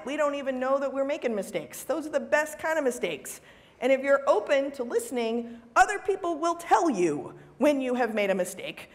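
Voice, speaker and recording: A woman giving a motivational talk to an audience in a large room, animated and often checking in with "right?". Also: sits high. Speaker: public speaker. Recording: reverberant hall.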